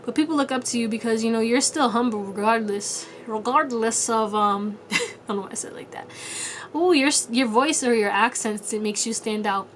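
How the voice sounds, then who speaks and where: A woman's voice: a little high, a little fast, a little hiss or hum. A woman giving a casual pick-a-card tarot reading, chatty and laughing often, swearing casually and slipping into playful quoted voices. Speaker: tarot reader.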